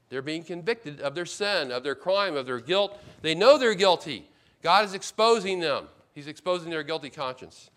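Expressive male pastor preaching. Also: on the high side. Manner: expository preaching, voicing Bible characters in paraphrase; dramatic swings from loud emphasis to quiet asides. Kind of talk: sermon.

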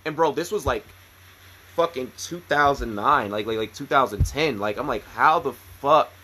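A man's voice: medium pitch, moderate pace, pushed and bright, slight background noise. A man in his thirties from the United States, a veteran podcast co-host telling stories in a rambling, profane way with lots of restarts. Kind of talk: casual chat, storytelling.

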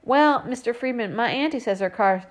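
A woman voicing a loud, bossy teenage girl babysitter who complains and pushes for pay. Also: on the high side, lively intonation, normal speed, pitched above the performer's own voice, lightly acted. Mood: complaining.

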